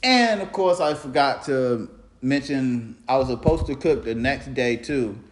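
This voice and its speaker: A man at a mid pitch rambles through a casual monologue, drifting in and out of slang and restarting his sentences. His voice bounces around a roomy, echoey space. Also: expressive, a little slow. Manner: loose storytelling with slang and restarts. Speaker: podcast host.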